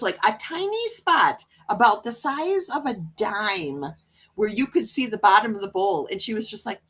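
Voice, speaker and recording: Lively, chatty woman livestream host. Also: on the high side, husky. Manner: chatty, laughs often, animated cat voices. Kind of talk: casual chat reading viewer comments.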